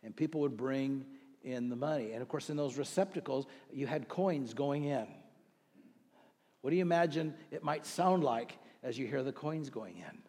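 A man's voice: mid-range voice, normal speed, mellow, breathy edge. A man preaching a sermon in a conversational way, asking the congregation questions and rising into emphatic bursts. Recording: long reverb of a large hall.

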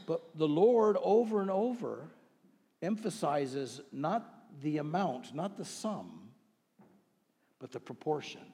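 A man preaches in an easy, conversational way, throwing questions out to the congregation and then rising into emphatic bursts. His voice sits a little high and has a husky edge. A long reverb from a large church sanctuary trails behind every word. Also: animated, slow pace, warm tone. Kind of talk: sermon.

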